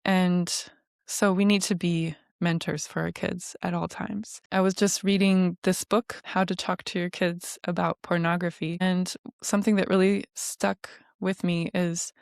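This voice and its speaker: A woman's voice: fairly low pitch, little pitch movement, a little slow, vocal fry, darkish tone, clear, resonant tone, dry recording, studio quality. A middle-aged woman hosting a podcast, talking in a chatty, reflective way with many fillers. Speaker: podcast host. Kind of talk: casual podcast monologue.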